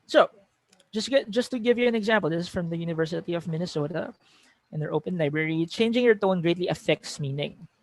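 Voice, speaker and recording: Filipino male lecturer, fairly high voice, dry booth-like sound, self-correcting conversational delivery. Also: quick pace, no room sound. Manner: reads example sentences aloud with shifting emphasis, frequent self-corrections. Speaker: teacher giving a webinar. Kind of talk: conversational lecture mixing English and Tagalog.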